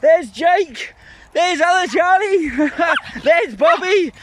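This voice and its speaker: A man from Scotland with a Glasgow accent, a professional dog walker chatting excitedly to camera outdoors while calling commands to the dogs. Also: very high voice, slow, slight background noise. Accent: Scottish, Glasgow. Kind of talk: casual vlog narration while walking dogs. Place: outdoors in parks and forest.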